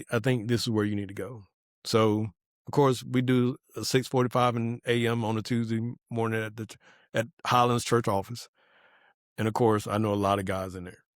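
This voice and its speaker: A man's voice: medium pitch, no room sound, studio quality. A man, a podcast guest telling a personal testimony in casual conversation, earnest and acting out the dialogue he quotes.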